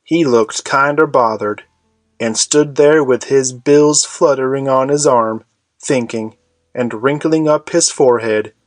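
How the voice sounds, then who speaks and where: A man narrating an audiobook in a measured storytelling manner. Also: medium pitch, dry recording.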